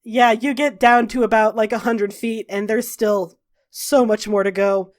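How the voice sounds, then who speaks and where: Woman game master, fairly high voice, casual swearing, slow dramatic narration. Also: steady tone. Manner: laughs while narrating, drawn-out dramatic pacing.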